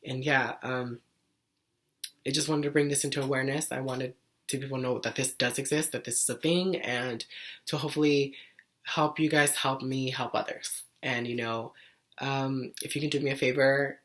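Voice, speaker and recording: A woman's voice: very deep voice, steady tone, normal speed, fairly bright tone. A young woman talking earnestly to camera in a casual vlog, rambling with lots of "like" fillers. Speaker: vlogger sharing her own illness story. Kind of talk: casual heartfelt vlog talk.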